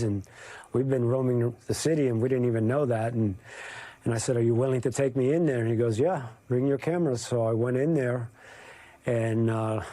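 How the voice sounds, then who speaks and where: Middle-aged man, photojournalist guest, mellow dark tone, dry close sound, reflective halting speech. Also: mid-range voice, no echo. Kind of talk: emotional interview recollection.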